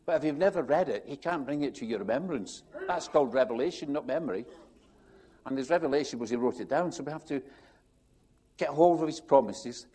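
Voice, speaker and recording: A man, a pastor, preaching a sermon in an animated, rambling way, acting out quotes and restarting his sentences. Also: mid-range voice, a little fast, slightly rough.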